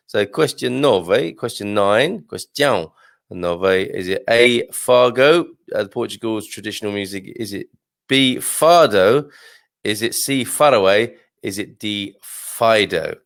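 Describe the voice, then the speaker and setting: A man's voice: fairly low pitch, lively intonation, a little slow, vocal fry, no room sound, clean studio sound. A man hosting a live news and quiz show, chatty and jovial, with lots of fillers and chuckles, a little sluggish this morning. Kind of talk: casual live-stream hosting. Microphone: desktop mic at a computer.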